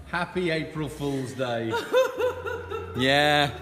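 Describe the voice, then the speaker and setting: A man's voice: medium pitch, over music. A man hosting a radio breakfast show, bantering playfully and teasing his co-host. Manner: teasing, jokey, quick to laugh. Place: radio studio.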